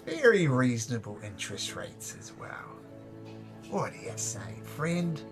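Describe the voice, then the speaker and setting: A man voicing a gruff, overly friendly male bugbear moneylender in a tabletop game. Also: mid-range voice, big pitch swings, a little slow, music in the background. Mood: wheedling. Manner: wheedling, overly friendly sales talk.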